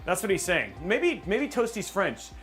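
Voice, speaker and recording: A man hosting a casual livestream, rambling and excitable, joking about himself. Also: high-pitched, a little slow, soft background music. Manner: excitable, rambling, self-mocking. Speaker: livestream host.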